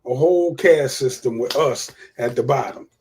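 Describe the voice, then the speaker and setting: A man's voice: mid-range voice, moderate pace, darkish tone, slight background noise. A man hosting a livestream of casual political commentary, profane and repeating his points for emphasis. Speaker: livestream host.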